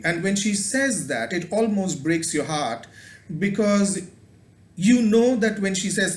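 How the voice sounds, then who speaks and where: A man's voice: high voice, animated, a little slow. A man giving a spoken video lecture, thoughtful and hesitant, with many ums and repeated words. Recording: roomy echo.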